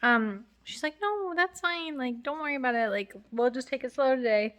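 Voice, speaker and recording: A woman's voice: fairly high pitch, fairly quick, a bit bright. A young woman talking casually to camera in a rambling way, full of fillers and restarts, with a slightly stuffy, runny nose. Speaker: vlogger.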